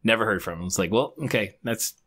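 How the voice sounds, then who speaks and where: A man's voice: on the low side, fast, sharp tone, slight background noise. A man in his thirties co-hosting a podcast, chatting offhand and swearing casually. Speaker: podcast co-host. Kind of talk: casual chat.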